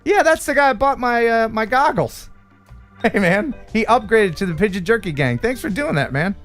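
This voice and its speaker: Animated, high-pitched Alabama man hosting. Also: moderate pace, faint music behind. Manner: animated, laughs often. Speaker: host. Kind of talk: live stream chat.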